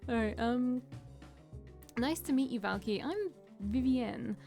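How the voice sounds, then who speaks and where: A woman's voice: a little high, animated, slow, creaky, dark tone, faint music behind, exaggerated voice. A woman reading aloud as a friendly, cheerful young woman bartender in a visual novel.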